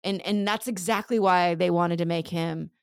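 A woman's voice: fairly low pitch, fairly even intonation, moderate pace, vocal fry, clear, resonant tone, no echo, studio quality. A woman teaching a casual Bible lesson, retelling scripture scenes in conversational everyday speech.

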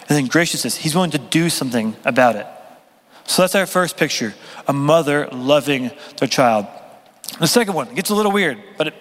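A young man preaching a sermon in a casual, joking, conversational way. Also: a little high. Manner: conversational, self-deprecating humor, lively. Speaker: pastor. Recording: long reverb of a hall.

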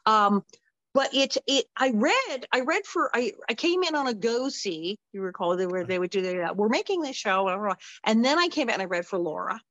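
A middle-aged woman tells showbiz stories as an interview guest, animated and ready to act out every voice she quotes. The sound is dry and close, dull and lo-fi. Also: on the high side, brisk, dry recording. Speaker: interview guest, former child actress. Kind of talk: anecdotal storytelling.

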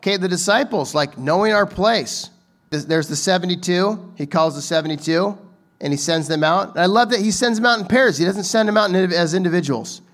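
A male preacher with a somewhat high-pitched voice delivers a loose, chatty sermon. He wanders through his points, often restarting his sentences and turning to the audience with quick asides. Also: fairly bright tone. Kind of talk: casual conversational sermon.

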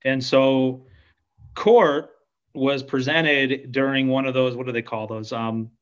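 A man's voice: mid-range voice, level tone, takes it slowly, clear, resonant tone, highs cut off. A middle-aged man, a podcast guest, telling a rambling, self-deprecating story in casual chat with lots of fillers.

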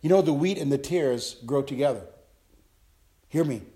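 An older man preaching an impassioned sermon as a pastor, dropping to low asides and rising to loud, high calls. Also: moderate pace.

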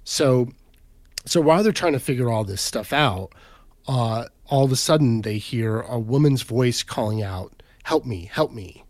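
A man's voice: medium pitch, normal speed, a little mellow, no echo. A man casually retelling a story on a podcast, rambling, with lots of "like" and "right?" fillers. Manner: rambling, filler-heavy, says "right?" and "like" often.

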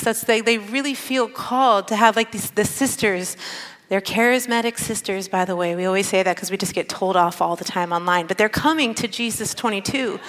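A woman's voice: medium pitch, fairly bright tone. A woman preaching a sermon in an earnest, conversational way, stressing her points. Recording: long hall reverb.

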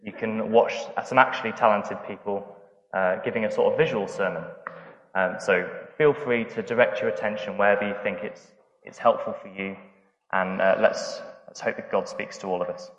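A man's voice: fairly low pitch, a bit bright. A man opening a sermon in a casual, hesitant way with many fillers. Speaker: preacher. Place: church hall. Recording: dull roomy hall sound.

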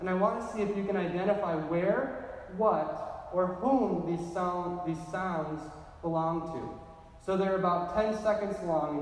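Man, pastor, conversational sermon, high-pitched, far from the mic, roomy hall echo. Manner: conversational, keeps asking "right?". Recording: echoey hall, distant mic.

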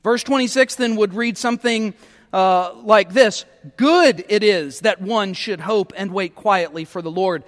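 A man's voice: sits high, measured pace, big-room sound. A male pastor preaching a sermon, emphatic and repeating words as he starts phrases.

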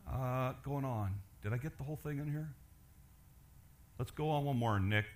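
A man's voice: mid-range voice, moderate pace. A man pastor delivering a sermon, explaining scripture in earnest, pleading tones. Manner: earnest, pleading preaching with rising emphasis.

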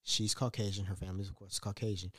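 A man's voice: low-pitched, flat delivery, fast talker, fairly bright tone, no room sound. A man hosting a podcast, telling a story casually, laughing often and acting out other people's voices. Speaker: podcast host.

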